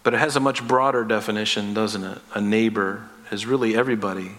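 A pastor with a lowish, steady, fairly bright voice preaches fast, the sound carrying a long hall reverb. He's earnest and conversational, acting out small voices as he relates the story.

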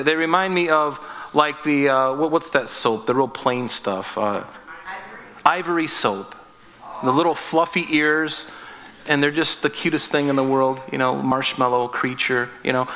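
This sermon comes from a pastor whose voice is bright and on the higher side, and his tone stays relaxed and conversational. Brief acted-out conversations and jokes at his own expense pop up, all carried by the long echo of the sanctuary.

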